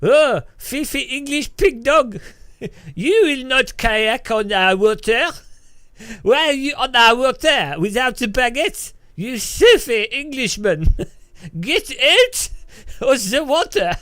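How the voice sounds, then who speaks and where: A man doing a hostile policeman, much higher than a normal speaking voice and loud. He bellows and lectures in a pompous, scornful way. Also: sing-song, normal speed, no echo, studio quality. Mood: furious. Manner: shouting, pompous. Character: irate male French policeman, hostile.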